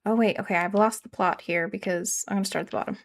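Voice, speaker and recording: A woman's voice: medium pitch, fairly even intonation, quick pace. Canadian woman streamer, regional accent, rambling and self-mocking, mid-range voice. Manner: rambling, self-deprecating, answers chat. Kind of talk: casual live-stream chat while gaming.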